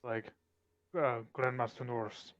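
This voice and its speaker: A man playing a tabletop game, talking for his character in an easygoing, relaxed way. His voice is of ordinary middle pitch. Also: unhurried, highs cut off. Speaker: player.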